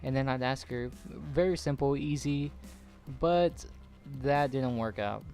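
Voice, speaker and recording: A man's voice: mid-range voice, measured pace, vocal fry, a little mellow, faint music behind. A young man in his late teens telling a personal story casually over gameplay, rambling and swearing with lots of "like". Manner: rambling, profane, full of "like". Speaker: gaming channel host.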